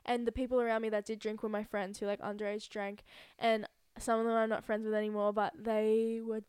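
A woman's voice: mid-range voice, little pitch movement, a little fast, darkish tone, clean tone, dry recording, clean studio sound. A young woman chatting casually and reflectively as a podcast co-host, often saying "like" and "literally". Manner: earnest and reflective, fillers like "like" and "literally". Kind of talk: casual chat.

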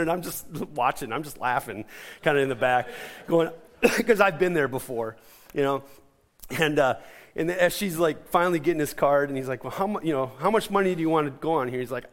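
A middle-aged male pastor preaching a sermon, telling a lively story with asides and questions to the congregation. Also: fairly high pitch.

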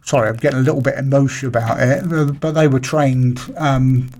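A man's voice: mid-range voice, steady tone, a little fast, darkish tone. A middle-aged man from Britain, a radio show guest, talking casually with many fillers and restarts.

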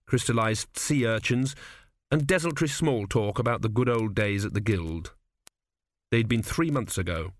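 A man narrating a comic fantasy audiobook in a wry, expressive storytelling manner. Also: on the low side, no echo, studio quality. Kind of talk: scripted narration.

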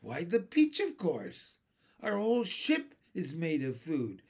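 Man doing a young boy, earnest and patient, storybook voice, slow. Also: a little high, wildly swooping pitch, darkish tone, breathy edge, voice pushed up, full character voice.

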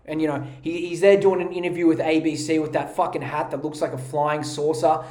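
A man's voice: a little high, level tone, brisk, darkish tone, reverberant. A man hosting a podcast, ranting in a mocking, profane comedic style on a podcast mic. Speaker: podcast host.

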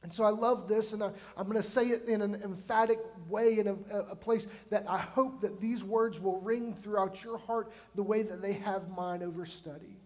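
Pastor in his forties, light high voice, conversational sermon with emphatic bursts and questions to the room. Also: fairly even intonation, normal speed, few pauses. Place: church sanctuary.

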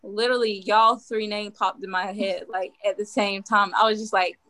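A woman's voice: mid-range voice, moderate pace, hardly any pauses. A young woman hosting her first podcast over a video call, chatting casually with lots of fillers. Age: young adult. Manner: chatty, excitable, many fillers. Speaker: podcast host.

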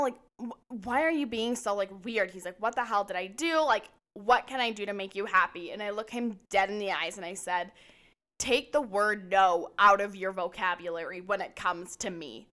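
Young woman podcast co-host with a bright, sharp voice, blunt and self-mocking, swears freely. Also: medium pitch, normal speed. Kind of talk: casual storytelling chat.

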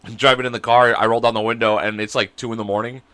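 A man's voice: medium pitch, little pitch movement, very fast, bright, forceful tone, smooth, dry recording. A man on a casual podcast over a video call, a bit sick with mucus, telling rambling stories, laughing often and swearing freely. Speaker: podcast co-host. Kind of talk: casual chat.

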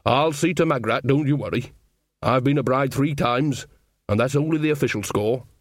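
A man's voice: medium pitch, normal speed, no room sound, clean studio sound, lightly acted. A man voicing a cheerful, earthy old witch woman who coaxes and gossips in a broad, chatty way. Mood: coaxing.

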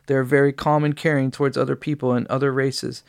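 A man's voice: medium pitch, flat delivery, quick pace, vocal fry. A man co-hosting a podcast, reading a text aloud with stumbles and restarts, often breaking into laughter. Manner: giggly, breaks into helpless laughter while reading. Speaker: podcast co-host.

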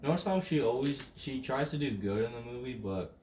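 A man's voice: medium pitch, animated, fairly quick, darkish tone. A man co-hosting a casual movie review chat, rambling and restarting his thoughts as he goes. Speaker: podcast co-host. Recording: roomy, distant mic, faint hiss.

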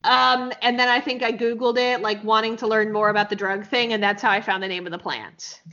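Woman podcast co-host, higher voice, frank and sarcastic, swears casually, lo-fi sound. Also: steady tone, brisk, bright, forceful tone. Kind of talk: casual chat, recapping a TV episode. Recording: slightly dull, lo-fi podcast audio.

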